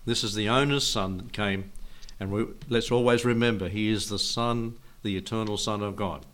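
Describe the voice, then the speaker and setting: A man's voice: lowish voice, steady tone, moderate pace, fairly bright tone. Older man giving a chuckling Bible sermon. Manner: folksy, chuckles often, asks the listeners questions. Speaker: preacher.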